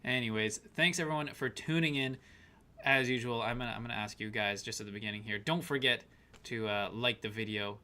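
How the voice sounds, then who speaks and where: A relaxed man co-hosting a casual live-stream chat. His pitch sits in an ordinary middle range. He rambles along easily and reads out viewer shout-outs. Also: fairly quick. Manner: chatty, reads out viewer names and greetings.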